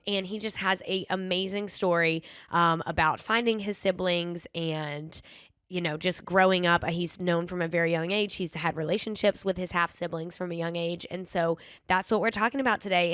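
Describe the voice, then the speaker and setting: Young woman, podcast host, chatty and sassy, smooth clear voice, dry close sound. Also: fairly low pitch, steady tone, normal speed, fairly bright tone, no echo. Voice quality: slight lisp at times. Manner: chatty storyteller, frequent ums, playful sass. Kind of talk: casual solo podcast chat.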